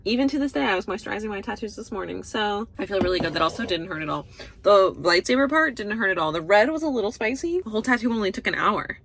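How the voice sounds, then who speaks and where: A young woman chats straight to her camera in a bubbly, rambling way, with fillers tumbling out as she goes. Her pitch sits in the middle for a woman. A faint hiss runs under the recording. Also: lively intonation, fast talker, creaky, fairly bright tone. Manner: chatty, bubbly, rambling with lots of "like". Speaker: vlogger. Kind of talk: casual chat.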